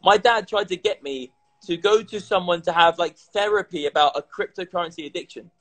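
Man, tipsy, casual livestream chat, swearing, repetitive, slightly high voice. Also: brisk, rough recording. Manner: animated, swearing, repeats himself. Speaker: crypto content creator.

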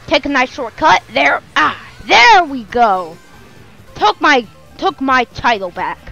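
A woman hosting a racing game let's play, reacting excitedly and loudly protesting every setback. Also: high voice, takes it slowly, creaky, lo-fi sound, soft background music. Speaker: gaming channel host.

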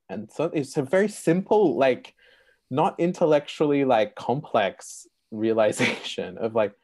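A young man telling his own faith story as an interview guest, animated and full of "like" fillers. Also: medium pitch, a little slow, no room sound. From Sydney, Australia. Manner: animated, many "like" fillers, laughs often. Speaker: guest, Christian apologist. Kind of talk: personal testimony storytelling.

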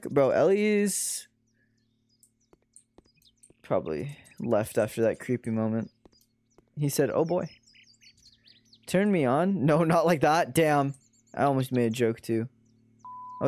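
A man's voice: mid-range voice, sing-song, unhurried, pauses often, a little mellow. A young man streaming a video game, chatting and mocking himself as he plays. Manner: self-mocking, exclaims often. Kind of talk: gaming commentary. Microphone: desk mic.

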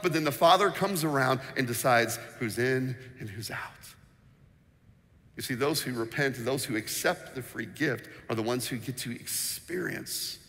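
A man preaching a sermon as pastor, telling stories with animated energy and acting out the voices in them. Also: on the high side. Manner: animated storytelling, acts out quotes; sings snippets of a children's song. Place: church sanctuary. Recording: long reverb in a church hall.

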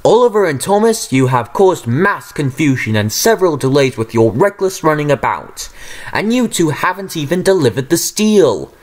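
A man doing a booming, stern railway boss. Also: big pitch swings, normal speed. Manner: booming and commanding. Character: stern, pompous older male railway boss.

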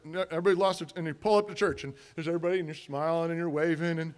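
Man preaching, high voice, conversational. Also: steady tone, very fast. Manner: conversational preaching, acts out little family scenes; drops to a soft hushed voice for confessions. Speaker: pastor. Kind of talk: sermon. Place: church sanctuary.

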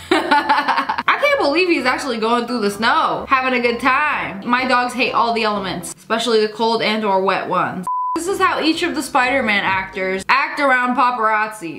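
A woman hosting a reaction video, giving playful, slangy commentary with quick joking asides. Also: high voice, sharp tone. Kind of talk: reaction commentary on short clips.

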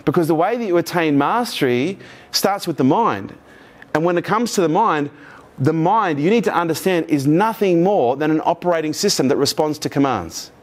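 A middle-aged man gives a motivational keynote to a live audience, his voice sitting a little higher than most men's. He talks with energy and swears freely. He keeps turning to the room with questions and jokes. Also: normal speed. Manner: energetic, profane, jokey, asks the audience questions. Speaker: keynote speaker.

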